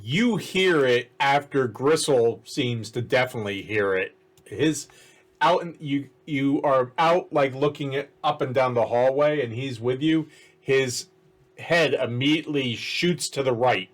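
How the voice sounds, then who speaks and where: A man narrating as game master of a tabletop game, halting and restarting as he describes the scene. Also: medium pitch.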